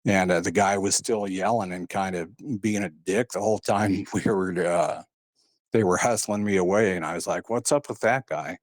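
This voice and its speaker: A man's voice: sits low, fairly even intonation, normal speed, no room sound, studio quality. A man telling a personal story in a casual, rambling way, full of "uh" and "and, uh". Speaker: guest recounting a paranormal experience.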